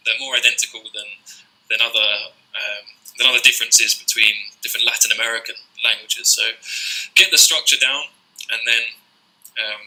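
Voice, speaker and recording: Man, southern English accent, very bright sharp tone, casual teacher chat, restarts sentences. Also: medium pitch, fairly quick, low-quality recording. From south of England. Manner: relaxed, repeats words when starting sentences. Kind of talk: casual conversation.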